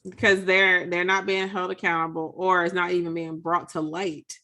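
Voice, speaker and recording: Low gravelly woman in casual talk. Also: flat delivery, normal speed, pushed and bright. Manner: reflective, emphatic, many fillers. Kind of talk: casual discussion.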